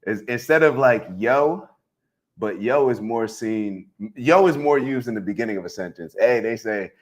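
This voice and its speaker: A man hosting a casual morning livestream, bouncing between loud hype for his viewers and quiet muttering to himself. His pitch sits in an ordinary middle range, and he talks into a handheld mic. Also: moderate pace. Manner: lively, hypes up viewers with shout-outs. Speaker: host.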